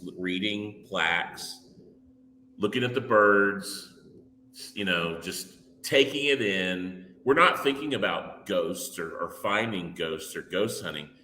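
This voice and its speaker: A man with a low, bright voice explains his ideas patiently, using everyday analogies to make each point. The room rings around him, and a faint hiss runs underneath. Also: reverberant. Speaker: paranormal investigator guest. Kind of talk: casual interview chat.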